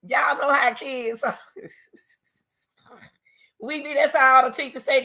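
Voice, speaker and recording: A middle-aged woman talking straight to her viewers in casual commentary, reading scripture between emphatic, repeated remarks in a loud, teacherly way. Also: sits high, steady tone, measured pace. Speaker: YouTuber.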